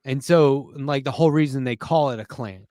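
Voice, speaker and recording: A man's voice: mid-range voice, normal speed, darkish tone, no room sound, studio quality. A man, co-hosting a casual panel chat, rambling and often trailing off and restarting. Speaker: co-host.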